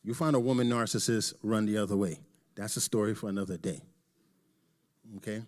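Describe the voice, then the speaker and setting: A middle-aged man giving a candid, joking talk to a church audience, swinging between loud emphasis and quiet asides. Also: fairly low pitch, steady tone, brisk. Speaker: church presenter.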